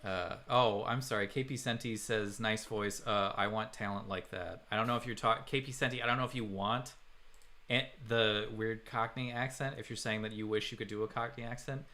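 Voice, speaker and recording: A man's voice: medium pitch, steady tone, fairly quick, sharp tone. Sarcastic swearing male podcast host. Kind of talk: casual chat.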